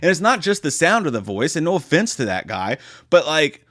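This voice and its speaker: A man's voice: on the high side, big pitch swings, fairly quick, fairly bright tone, no room sound, studio quality. A man ranting through a TV series review, exasperated and sarcastic, swearing constantly. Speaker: movie reviewer. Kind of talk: profane comedic review rant.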